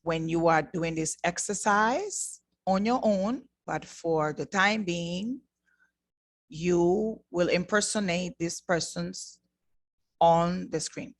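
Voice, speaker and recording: A woman teaches an online Spanish lesson produced in the Bahamas, speaking patiently and repeating words to model their pronunciation. Her voice is fairly low and slow, in a dry recording.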